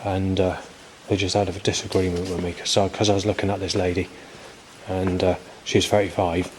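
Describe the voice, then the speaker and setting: A man's voice: deep voice, little pitch movement, a little fast. Rambling, swearing man in his forties. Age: 40s. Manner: rambling, hesitant, swears often, many fillers. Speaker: vlogger. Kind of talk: rambling spoken video diary. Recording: faint background noise.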